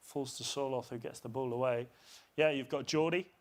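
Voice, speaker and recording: A man's voice: mid-range voice, normal speed. A man from England hosting a live football watchalong, chatting casually and calling the play as it happens. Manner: relaxed, chatty, drifts into commentary. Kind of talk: casual chat with live match commentary.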